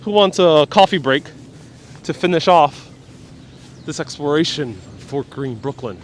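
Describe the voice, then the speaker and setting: A man's voice: fairly high pitch, measured pace, slight background noise. Joking man hosting a street live stream. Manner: joking, deadpan, reading out viewer comments. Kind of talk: casual live-stream walking tour. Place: outdoors on city streets. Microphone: wireless clip-on mic while walking.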